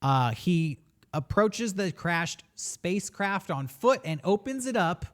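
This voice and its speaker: Guy retelling a movie scene, bouncy voice, kinda high. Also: takes it slowly. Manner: animated, acts out movie lines. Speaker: podcast co-host. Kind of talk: casual movie discussion.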